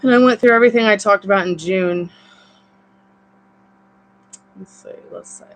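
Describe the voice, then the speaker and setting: A woman's voice: medium pitch, normal speed, noisy background. A woman with a Southern accent gives a live-streamed tarot reading in a chatty, encouraging, rambling way. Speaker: tarot reader.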